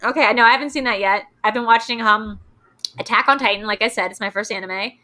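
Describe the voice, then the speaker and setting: A woman's voice: on the high side, fast, bright, forceful tone, poor audio. A young woman hosting a casual chat, rambling with lots of fillers. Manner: chatty, rambling with many fillers. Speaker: host.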